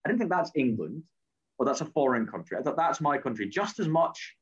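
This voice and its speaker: A man's voice: medium pitch, big pitch swings, a little fast, breathy edge. Earnest man, muffled sound. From Scotland. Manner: hesitant, repeats words, earnest. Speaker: politician. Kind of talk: interview answers.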